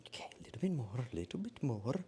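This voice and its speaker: Lively joking male streamer. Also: medium pitch, very fast, a little hiss or hum. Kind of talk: casual live-stream commentary while baking.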